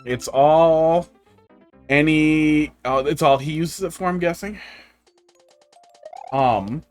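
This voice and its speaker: Male game streamer, slightly high voice, wry rambling storyteller, light background music. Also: takes it slowly. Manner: rambling, profane, wry tech anecdotes. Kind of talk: casual live-stream chat. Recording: faint music underneath.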